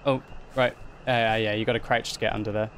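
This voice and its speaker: Excitable man playing a game. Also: fairly low pitch, quick pace, slight background noise. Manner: chatty, excitable, narrates his own moves. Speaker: gaming video host. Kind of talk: let's play commentary.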